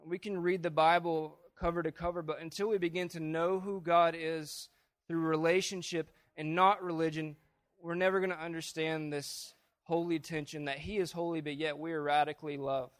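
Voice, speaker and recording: High-voiced preaching man, dry close sound. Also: level tone, moderate pace, dry recording. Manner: earnest preaching, swells louder on key phrases. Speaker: pastor. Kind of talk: sermon.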